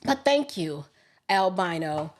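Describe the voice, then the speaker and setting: A woman's voice: on the low side, sing-song, slow pace. A woman hosting a political commentary livestream, colloquial and emphatic, often mimicking others in quoted asides. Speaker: livestream host.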